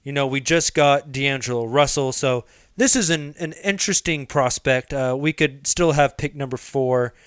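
A cautious executive weighing trade offers, as a podcast host plays him, hesitant and hedging with lots of pauses. His voice is mid-pitched, and the recording is dry and close. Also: clean tone, no room sound, natural voice. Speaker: mock team executive on a trade call.

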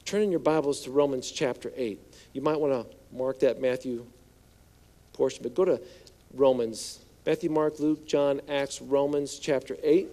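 A male pastor preaching a sermon in a conversational, joking way, slipping into hushed voices for quoted lines. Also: mid-range voice, normal speed. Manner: conversational, playful asides, acts out quotes in hushed voice.

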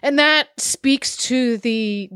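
A woman's voice: on the high side, drawn-out words, fairly bright tone, clean tone, dry recording, studio quality. A woman hosting a casual interview, supportive and reflective. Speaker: podcast host.

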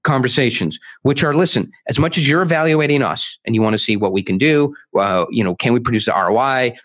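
A man with a mid-range voice is interviewed as a guest author. He's emphatic and animated, acting out quotes and restarting often.

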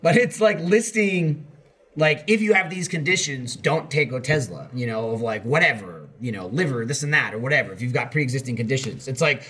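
A man's voice: mid-range voice, animated, normal speed, pushed and bright, slightly rough. An American man hosting a casual podcast chat, rambling with profanity and mocking asides. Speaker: podcast host.

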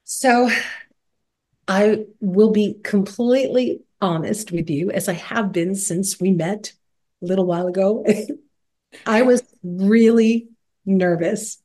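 A woman's voice: mid-range voice, slow pace, warm tone. A middle-aged woman singer, a guest on a podcast, talking candidly and with animation, often breaking into laughter. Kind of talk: podcast interview.

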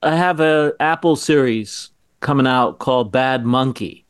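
A male actor being interviewed as a guest, speaking casually and haltingly with fillers. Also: medium pitch, clear, resonant tone, no room sound, studio quality. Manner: halting, with many fillers and restarts.

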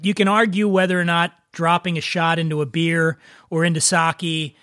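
Chatty high-voiced man hosting a podcast. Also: level tone, normal speed, fairly bright tone, no room sound, studio quality. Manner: chatty, stammering restarts, laughs at own jokes. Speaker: podcast host. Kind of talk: casual chat, joke telling.

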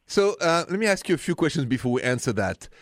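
A man's voice: a little high, very animated, fast talker, no room sound, studio quality. A middle-aged man from France with a thick French accent, hosting a radio call-in advice show in a chatty, friendly way. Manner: friendly, chatty, self-deprecating about his accent.

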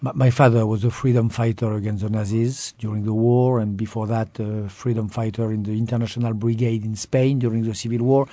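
A man's voice: lowish voice, a little fast, few pauses, no room sound. A man in his fifties speaking with a heavy French accent, guest in an interview. He talks expressively and with emphasis, doubling back on his words. The recording is dry and close, with no room sound around him. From France. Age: 50s. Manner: expressive, emphatic, repeats phrases. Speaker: author and guest. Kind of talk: interview conversation.

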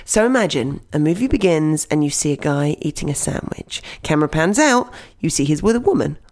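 Woman storytelling coach, audio blog lesson, playful and direct, lowish voice, very animated, gravelly fry. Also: brisk.

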